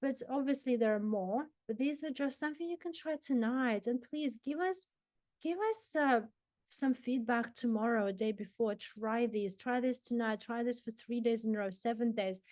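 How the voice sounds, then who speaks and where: A woman sleep coach talking an audience through relaxation exercises in a gentle, instructive way. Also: on the high side, normal speed, dry recording. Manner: gentle, instructive, hesitant restarts. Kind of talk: guided relaxation talk.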